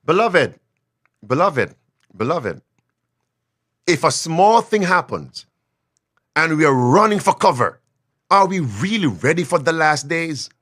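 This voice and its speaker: A man preaching a sermon with emphasis, repeating phrases and swinging between loud declarations and quiet asides. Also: a little high, sing-song, slow, pauses often.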